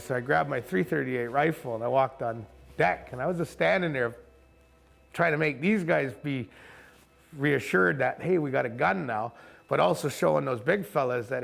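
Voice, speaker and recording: A man, a kayak camp owner, telling a story in casual, animated fashion and acting out other people's voices. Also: mid-range voice, normal speed, vocal fry. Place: outdoors at a rocky bay.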